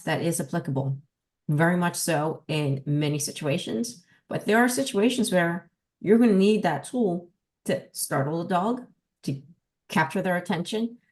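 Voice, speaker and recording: A woman with a New Jersey accent hosting a podcast as a dog trainer, explaining in an emphatic, lively teaching manner. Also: fairly low pitch. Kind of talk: casual podcast talk.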